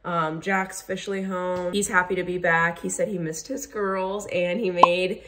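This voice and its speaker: A young woman talking casually to the camera for her vlog, chatty and excitable, full of fillers. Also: lowish voice, normal speed. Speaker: vlogger.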